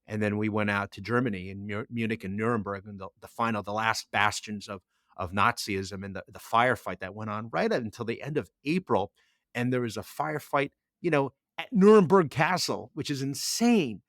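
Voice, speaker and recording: A man's voice: on the low side, moderate pace, a bit bright, no room sound, clean studio sound. Rambling middle-aged male podcast co-host. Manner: rambling storyteller with frequent restarts. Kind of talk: casual podcast chat.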